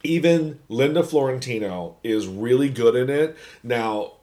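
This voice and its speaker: A man's voice: mid-range voice, animated, a little slow, dark tone. A man co-hosting a podcast, chatting casually and rambling through his thoughts. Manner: rambling, chatty, self-interrupting. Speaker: podcast co-host. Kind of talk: casual chat.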